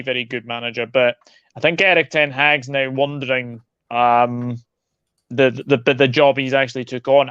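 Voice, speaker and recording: A man's voice: mid-range voice, smooth, no room sound, highs cut off. A man hosting a casual football show, chatting and reading out viewer predictions. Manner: relaxed, reads out viewer predictions.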